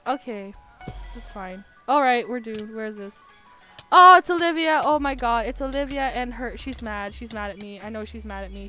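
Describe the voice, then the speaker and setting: A woman streaming a game from home, chatty and giggly, sounding tired with her voice going hoarse. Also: a little high. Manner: chatty, giggly, self-mocking. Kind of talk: casual live gaming commentary.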